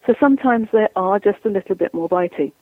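A woman's voice: mid-range voice, lively intonation, fast talker, no echo. Woman dog trainer on a tinny phone line. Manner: chatty, explanatory, acts out owners and dogs. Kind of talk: advice interview.

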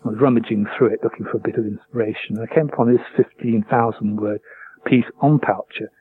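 An older man, a vet and author, telling stories and reading aloud from his memoir in a measured, reflective way. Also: lowish voice, fairly even intonation. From England. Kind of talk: interview with a book reading. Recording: tinny phone line with faint hum.

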